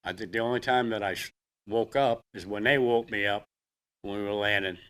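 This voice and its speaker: A man's voice: fairly low pitch, steady tone, fairly bright tone, clean tone. Older Boston man telling war memories. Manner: plainspoken, trailing off, halting. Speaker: veteran. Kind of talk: personal storytelling.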